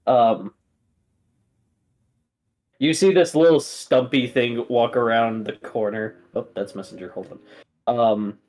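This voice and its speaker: A man of middle pitch narrates a tabletop game as game master. He rambles and pads his lines with fillers while he describes scenes. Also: fairly even intonation, slow pace, long pauses, a little mellow.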